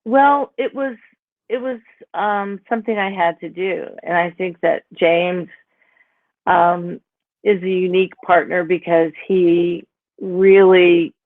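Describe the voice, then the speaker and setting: Her voice on the low side and her tone steady, a Pennsylvania woman in her sixties who writes books takes her time recounting life stories in a loose, filler-heavy way, saying "you know" and "like" often. The phone-like audio is tinny, without room sound.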